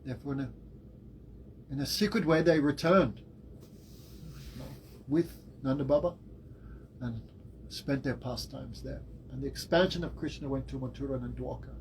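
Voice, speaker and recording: A man giving a devotional class as a spiritual teacher, telling the story in a lively way. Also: medium pitch, moderate pace, long pauses, a little hiss or hum, rough recording. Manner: animated storytelling with laughs and acted quotes.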